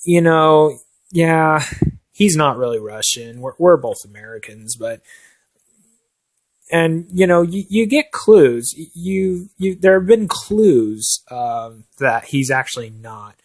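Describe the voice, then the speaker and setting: A man's voice: mid-range voice, close to an everyday voice. A man playing a nervous brother filling in as a talk show host, rambling and stammering through hesitant stories full of fillers. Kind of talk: amateur comedy sketch.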